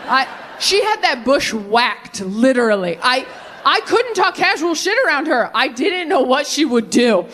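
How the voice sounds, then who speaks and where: A woman's voice: sits high, unhurried. A woman in her thirties performing a stand-up routine on stage, acting out the voices she quotes. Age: 30s. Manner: animated, acts out quoted voices. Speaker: stand-up comedian. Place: stage before a laughing audience. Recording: live show with faint audience noise.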